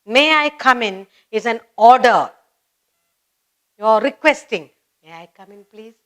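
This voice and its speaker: A woman's voice: on the high side, animated, fairly bright tone. Woman teaching children grammar. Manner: explains slowly with many repeated examples. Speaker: English teacher.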